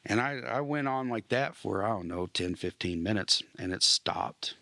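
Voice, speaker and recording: A man, a military veteran, telling an emotional personal testimony, often dropping to a hushed near-whisper and clearing his throat. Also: on the low side, expressive, moderate pace, no room sound.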